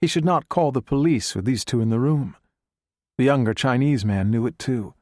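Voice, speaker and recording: A man's medium-pitched voice carries this scripted audiobook reading, calm and even in its storytelling. There's no echo, and the sound is studio quality.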